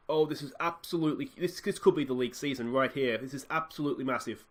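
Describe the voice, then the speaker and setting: An excitable Australian man in his thirties talks over his own football management game, his voice at a middling pitch for a man. He cheers loudly at big chances and drops into low, deflated murmurs after setbacks. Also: quick pace, hardly any pauses. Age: 30s. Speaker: gaming video host. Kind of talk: live football game commentary.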